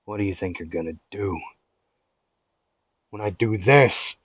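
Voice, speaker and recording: A man's voice: lowish voice, unhurried, breathy edge, no room sound. A man voicing a scheming masked male villain in a loose cowboy-style drawl, taunting his opponent, on a dull lo-fi home mic. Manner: drawling put-on cowboy-ish twang.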